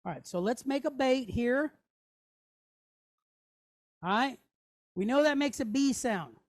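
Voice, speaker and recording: A woman's voice: sits high, animated, takes it slowly, dry recording, clean studio sound. A woman teaching a class in a chatty way, often checking in with "okay?" and "right?". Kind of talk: classroom lesson.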